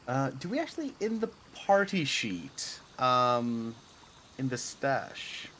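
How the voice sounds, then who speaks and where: Guy thinking out loud at a tabletop game, lots of um and like, bit of hiss. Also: medium pitch, very animated, takes it slowly. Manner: hesitant, filler-heavy planning talk. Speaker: player. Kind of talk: casual chat.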